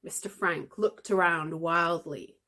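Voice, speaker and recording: Reading from a fantasy novel for people learning English, this female podcast host uses an expressive storyteller's style. She speaks slowly in a lowish voice.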